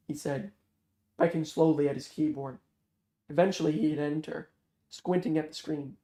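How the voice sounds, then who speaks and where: Man reading a novel aloud, roomy echo. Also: on the high side. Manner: steady, measured narration. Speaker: audiobook reader.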